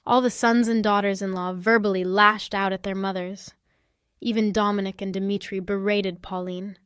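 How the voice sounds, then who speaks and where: A woman's voice: mid-range voice, flat delivery, normal speed, a bit bright, clear, resonant tone, no echo, studio quality. A woman narrating a first-person family-drama story in a sassy, confiding way.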